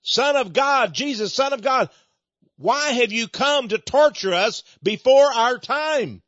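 A man's voice: high-pitched, very animated, unhurried, a bit bright, no room sound, heavily acted. A man voicing a horde of frightened demons who beg desperately, in a dull lo-fi recording. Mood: alarmed. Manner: desperate, begging pleas.

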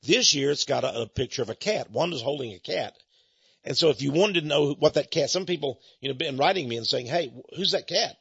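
A man's voice: a little high, animated, fairly quick, creaky, a bit bright, husky, no echo, lo-fi sound. A man hosting a radio show, rambling and chuckling as he tells teasing stories in a folksy way.

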